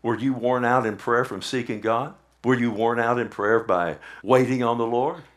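A man's voice: mid-range voice, steady tone, normal speed. A male pastor preaching a Sunday sermon in a church service, often asking his congregation "amen?". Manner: preaching with frequent "amen?" call-outs.

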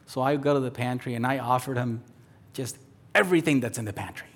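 A man in his thirties preaching a sermon as pastor, telling stories and acting out the voices in them, sometimes dropping to a soft near-whisper. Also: mid-range voice, a little fast. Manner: storytelling, acts out voices in quotes, drops to soft near-whisper.

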